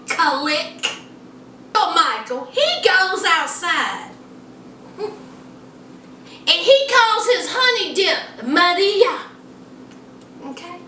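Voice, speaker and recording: A woman recapping a reality TV show in a sassy, drawling, animated way. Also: very high-pitched, slow pace, reverberant, distant mic, slight background noise.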